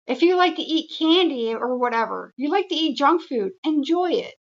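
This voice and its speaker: A woman with a high voice gives a live tarot reading. She talks casually and rambles a little, warmly urging her listeners on. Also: animated, normal speed, dull audio. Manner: casual, encouraging, rambling with many fillers. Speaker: tarot reader.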